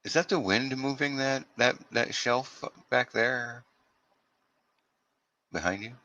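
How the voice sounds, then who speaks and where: A man's voice: mid-range voice, takes it slowly, pushed and bright, no room sound, muffled recording. A man joining a livestream chat over a video call, wry and casually profane. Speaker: livestream guest.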